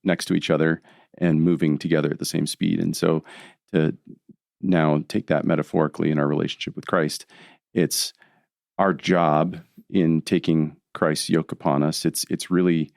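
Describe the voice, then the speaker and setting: A man speaking as a podcast guest, explaining his thoughts in a reflective, unhurried way. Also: a bass voice, flat delivery, gravelly, a little mellow, dry recording, studio quality. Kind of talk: casual podcast conversation.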